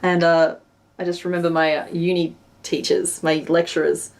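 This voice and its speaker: A woman's voice: fairly low pitch, little pitch movement, normal speed, vocal fry. A young woman with a West Australian accent, chatting casually with viewers on a live stream while she crochets. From Western Australia. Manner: chatty and self-deprecating, narrating her hands-on work.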